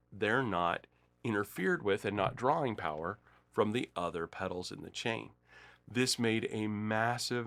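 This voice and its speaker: A man hosting a guitar gear show, telling a story with acted-out quotes and then demonstrating pedals in a casual, chatty way. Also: no echo. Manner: animated storyteller, acts out quoted dialogue with big pitch jumps. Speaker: music store host demonstrating guitar gear.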